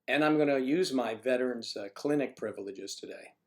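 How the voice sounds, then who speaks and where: A man with a lingering cough hosts a casual livestream from home. He rambles and jokes with the viewers in the chat, speaking at an average pitch. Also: a little fast. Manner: rambling, chatty, joking with the chat. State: has a cough. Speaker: livestream host. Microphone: microphone on a stand he keeps adjusting.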